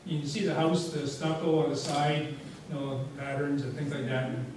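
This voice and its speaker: A man with a somewhat high voice tells rambling, easygoing anecdotes to a room, his words scattered with "you know". He is caught from a distance in a very echoey hall with a faint hiss underneath. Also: flat delivery, moderate pace. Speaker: guest speaker. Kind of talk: casual storytelling presentation.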